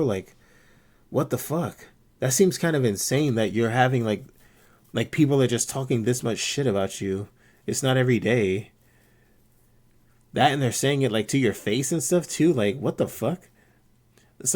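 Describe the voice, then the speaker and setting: A man's voice: medium pitch, lively intonation, normal speed, darkish tone. A male streamer talking casually and bluntly to his chat, swearing often and getting worked up.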